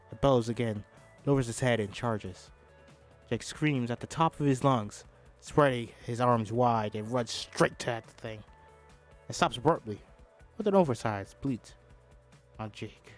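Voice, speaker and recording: A man's voice: medium pitch, animated, normal speed, pauses often, faint music behind. A man casually reading a film script aloud, adding profane asides and stumbling over words. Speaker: host. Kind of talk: casual script read-through with commentary.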